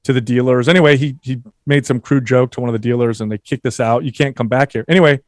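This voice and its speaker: A man who works as a fitness trainer, guesting on a podcast and telling a relaxed anecdote, often repeating words as he goes. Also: mid-range voice, fast, no room sound, clean studio sound. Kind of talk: casual chat.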